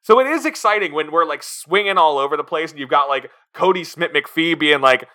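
A man's voice: fairly high pitch, fairly quick, hardly any pauses, pushed and bright. A man co-hosting a podcast, chatting casually about a film and acting out scenes in put-on voices. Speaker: podcast co-host. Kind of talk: casual film review chat.

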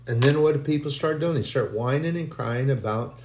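A man preaching an informal sermon in a conversational way, repeating phrases and slipping into quoted voices. His voice sits at an ordinary pitch. The room around him is echoey. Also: a little fast, hardly any pauses, darkish tone.

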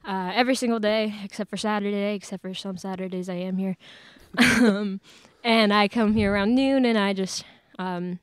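Teen girl guest on a podcast, smooth clear voice, chatty w lots of ums, dry sound. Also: mid-range voice, fairly even intonation, moderate pace, hardly any pauses, no room sound. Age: late teens. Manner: chatty, laughs often, many fillers. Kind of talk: casual chat. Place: church studio.

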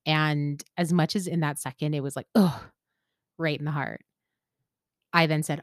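Low-voiced woman telling a personal story. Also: steady tone, normal speed, pauses often, no room sound, studio quality. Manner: candid, laughs often, gets emotional. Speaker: podcast host.

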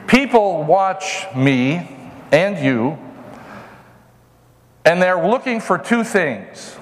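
A man preaching a sermon in a high, light voice, taking his time over each point. His delivery is chatty and teasing, with long reverb trailing off the walls of a big church. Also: a bit bright. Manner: preachy and conversational, mocks whiners in a put-on voice. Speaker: pastor. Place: church sanctuary.

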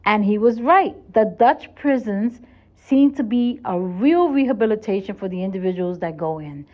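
A woman's voice: mid-range voice, expressive, normal speed, muffled recording. A woman hosting a solo podcast, talking in a chatty, earnest way and often restarting and repeating her words. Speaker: podcast host. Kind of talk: casual solo podcast monologue.

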